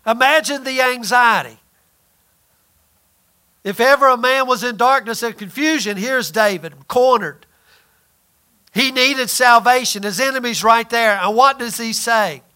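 High, bright-voiced preaching man. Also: measured pace, long pauses. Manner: preaching with swings from loud emphasis to near-whispered lines. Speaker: pastor. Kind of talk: sermon.

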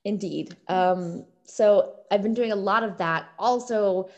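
A woman's voice: medium pitch, takes it slowly, darkish tone. A woman chatting casually as a podcast guest, rambling with many fillers like "like" and "um". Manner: chatty, lots of likes and ums. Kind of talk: casual chat.

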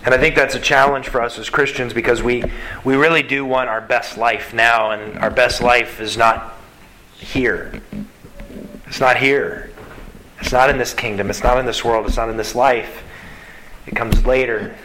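A man preaching a sermon as pastor, earnest and animated, with quick asides between scripture readings. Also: medium pitch, a little hiss or hum, low-quality recording.

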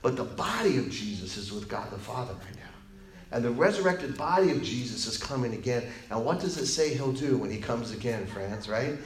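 A male pastor preaching a sermon. He asks the congregation direct questions and swings from loud, emphatic peaks to a soft, slow invitation. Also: medium pitch, animated. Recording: roomy, echoey hall sound.

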